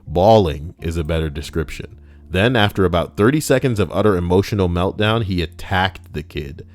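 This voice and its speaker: With faint background music behind him, a host with a low voice reads out a countdown list at a moderate pace. His delivery is casual, peppered with sarcastic, jokey asides.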